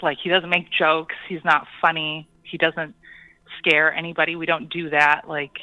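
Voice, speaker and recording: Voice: medium pitch, level tone, no echo, highs cut off. Hesitant caller telling a ghost story. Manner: hesitant, many pauses and ums. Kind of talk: telling a personal ghost story on a call-in show.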